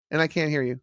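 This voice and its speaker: A man's voice: a little high, a bit bright, no echo. A man hosting a live trivia stream from his studio, reading out viewers' chat answers with lots of ums. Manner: reads chat names aloud, many fillers. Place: home studio. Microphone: studio microphone.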